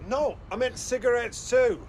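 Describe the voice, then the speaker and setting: A gruff, scolding middle-aged dad telling his kids off, as a streamer puts him on. The voice is hushed and set apart from the streamer's normal sound. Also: extremely high pitch, normal speed, a little hiss or hum.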